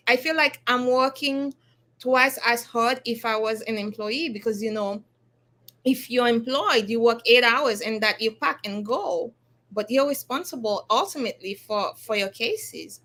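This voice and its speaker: A woman's voice: a little high, unhurried, sharp tone. A woman from Haiti, a law firm owner speaking candidly and reflectively as a guest in a podcast interview.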